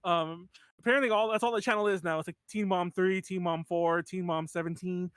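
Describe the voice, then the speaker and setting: A man's voice: high voice, steady tone, brisk, fairly bright tone, clear, resonant tone, no room sound. A man in his thirties hosting a podcast in casual chat, rambling with lots of "like" and restarts and laughing often. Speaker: podcast host.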